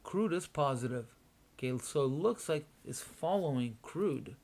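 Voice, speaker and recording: A man streaming his trading session, thinking aloud in a casual, unhurried way with pauses and restarts, sleepy and yawning. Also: on the high side, expressive, a little mellow. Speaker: day trader streaming a live trading room.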